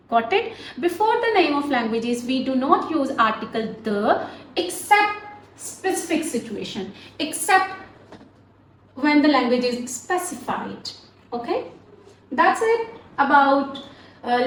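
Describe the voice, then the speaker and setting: Slow, high-voiced woman teaching English. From Pakistan. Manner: slow, patient, repeats words for pronunciation practice. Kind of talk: grammar lesson. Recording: roomy echo, faint background noise.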